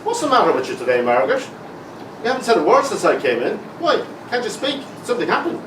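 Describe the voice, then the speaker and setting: A man's voice: sits high, wildly swooping pitch, quick pace. An Irish man acting a puzzled village doctor, coaxing and guessing aloud, in an amateur stage comedy. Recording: echoey hall, distant, loud noise.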